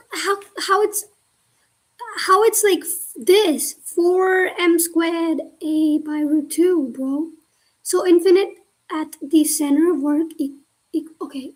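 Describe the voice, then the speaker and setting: A woman's voice: extremely high pitch, a little mellow, low-quality recording. A young woman on a study livestream, thinking aloud in a casual, slangy way as she mutters and half-whispers through problems. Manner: casual, slangy, swears freely. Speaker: student livestreamer.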